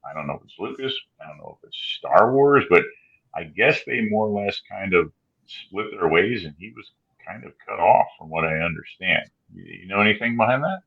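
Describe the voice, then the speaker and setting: A low-pitched man with a bright, husky voice muses through a casual chat. He hedges his points with "I mean." The recording sounds dull and lo-fi. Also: animated, brisk. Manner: musing, hedging with "I mean". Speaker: podcast co-host.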